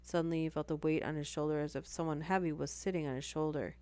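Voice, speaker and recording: Low-voiced woman reading stories live. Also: steady tone, fast talker, darkish tone. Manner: reads aloud, breaking off for chatty asides and apologies. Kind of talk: casual live-stream story reading.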